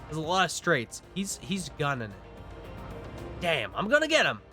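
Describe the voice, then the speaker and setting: Excitable joking male streamer. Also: on the high side, a little slow, faint music behind. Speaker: streamer playing a game. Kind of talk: casual gameplay commentary.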